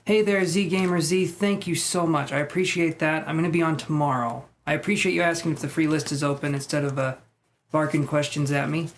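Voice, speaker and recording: Soft-spoken man giving a live tarot reading. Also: a little high, fairly quick, a little hiss or hum. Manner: relaxed, thinking aloud, soft-spoken. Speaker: tarot reader. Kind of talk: live-stream tarot reading, reading chat aloud.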